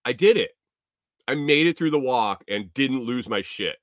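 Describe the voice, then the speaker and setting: A man hosting a podcast, telling a casual, rambling story full of profanity that now and then rises to loud exclamations. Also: mid-range voice, animated, moderate pace, no echo, studio quality. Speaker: podcast host.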